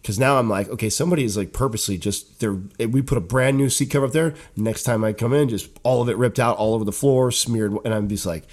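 A man co-hosting a casual podcast chat, telling a profane, animated story about his years managing gyms. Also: mid-range voice, fast talker, few pauses. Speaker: podcast co-host, gym manager.

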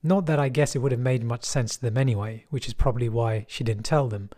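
A middle-aged man with a soft West London accent tells his own story at a steady, measured pace. His voice sits in an ordinary middle pitch, and his delivery is thoughtful, reflective and quietly wry. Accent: West London English. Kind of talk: personal storytelling.

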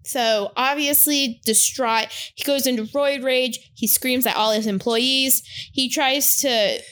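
Woman, high voice, chatty recap host who slips into character lines. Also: slow. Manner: animated storytelling, acts out characters' lines. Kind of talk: casual chat recapping a film.

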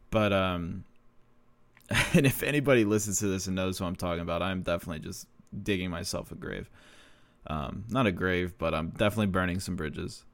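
Low-voiced young man, profane rambling. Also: no room sound. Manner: rambling, profane, laughs often. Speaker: show promoter telling stories. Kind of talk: casual storytelling monologue.

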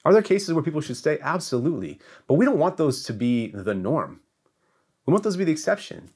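A man teaching a sermon to his church, preaching emphatically with repetition and swings between loud peaks and hushed lows. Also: very animated, a little fast, husky.

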